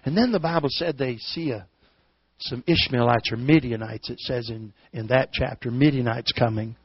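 A man preaching a sermon in a folksy storytelling way that swells into shouts. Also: medium pitch, moderate pace, breathy edge, no echo, dull audio.

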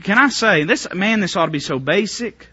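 Bright, husky-voiced fervent preacher man. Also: high-pitched, animated, normal speed, no room sound, dull audio. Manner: fervent, stop-start preaching that swings from soft to loud. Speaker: pastor. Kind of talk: sermon.

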